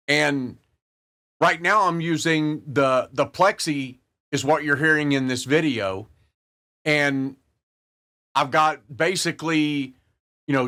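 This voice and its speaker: A man's voice: fairly high pitch, bright, forceful tone. A man, a guitar channel host talking casually to the camera in an earnest, folksy way and repeating his points. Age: 60s.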